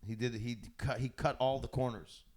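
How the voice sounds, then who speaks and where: A man's voice: mid-range voice, fairly even intonation, normal speed, crowd noise. Laid-back joking podcast host man. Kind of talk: casual chat.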